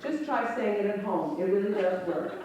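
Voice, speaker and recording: A woman's voice: medium pitch, animated, normal speed, highs cut off, background noise. A woman doing a stand-up comedy set in a chapel, brash and teasing the crowd, with lots of swearing. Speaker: stand-up comic. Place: chapel filled with a live audience. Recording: echoey, distant 1989 live recording. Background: audience laughter.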